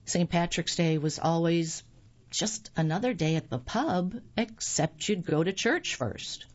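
A woman tells a personal story slowly and with plenty of lilt, her voice low and a little husky. Her delivery is wry and gently humorous. The recording sounds dull and lo-fi.

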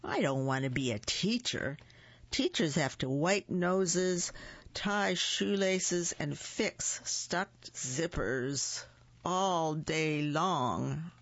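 A woman's voice: sits low, lively intonation, extremely slow, dry recording, exaggerated voice. A woman voicing an insistent, whiny little girl talking to her mother. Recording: dull lo-fi recording.

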